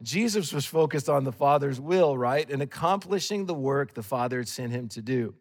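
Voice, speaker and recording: A man's voice: medium pitch, moderate pace. Canadian man preaching in a reverberant hall. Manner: storytelling, animated swings between loud and hushed. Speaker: guest preacher. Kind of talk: sermon.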